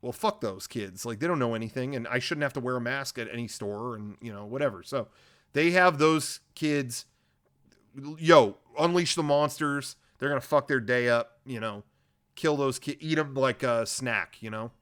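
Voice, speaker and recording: A man co-hosting a comedy podcast, retelling a movie plot in a casual, rambling, profane way, at a middle pitch. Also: expressive, normal speed, a bit bright. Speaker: podcast co-host.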